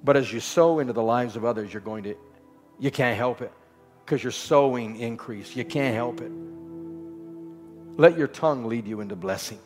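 A man preaching a sermon with rhythmic repetition, swinging from loud exhortation to soft, low lines. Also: normal speed, pauses often. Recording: long hall reverb with faint music.

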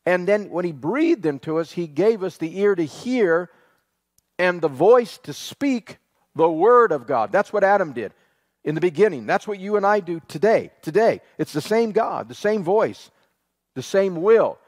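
A man preaching an earnest sermon, quoting scripture and slowing down on key phrases. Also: high voice, lively intonation. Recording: long hall reverb.

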